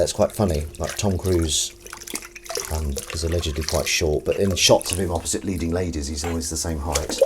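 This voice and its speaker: Amid the clink of dishes and cutlery in his kitchen at home, a vlogger washes up and chats casually, drifting through film trivia and asides to someone in the room. He has a low-pitched voice, and there is a little hiss or hum.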